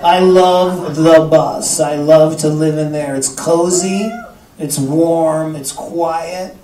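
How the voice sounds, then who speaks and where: A man from Canada, talking as the guest at a live interview, joking, swearing and acting out quotes in an animated way. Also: a little high, takes it slowly. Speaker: guest author. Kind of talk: live interview before an audience. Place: live event in a bar venue. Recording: echoey room, far from the mic, audience noise.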